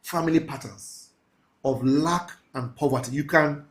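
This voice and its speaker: A man teaching a mentorship class, talking in a preachy, emphatic way, slowing down to stress key phrases and laughing with his students. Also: fairly high pitch. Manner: laughs often, casual asides to the class. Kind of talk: live class lecture.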